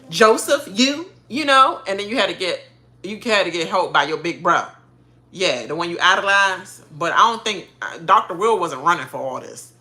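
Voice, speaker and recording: Bright-voiced woman ranting about reality TV. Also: low voice. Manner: animated, laughing, mocking quoted voices. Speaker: reality show reaction host. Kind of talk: casual ranting commentary.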